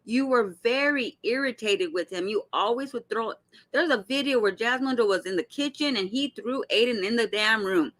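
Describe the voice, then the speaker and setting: A woman hosting casual reaction commentary, talking straight to her viewers in a blunt, animated way and swearing freely. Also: on the high side, normal speed. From Arizona. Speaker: commentary host.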